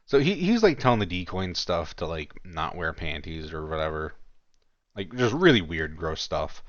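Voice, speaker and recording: A man's voice: low-pitched, very animated, unhurried, no echo, highs cut off. A man giving casual commentary on a chat log, mocking and incredulous, and swearing freely.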